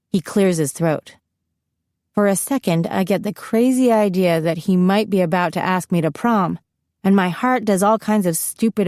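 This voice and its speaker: A woman reading a first-person audiobook in a wry, confiding voice. Her pitch is middling for a woman, and the recording is close and dry with no room sound. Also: a little mellow, dry recording. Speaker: audiobook narrator. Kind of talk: first-person scripted narration.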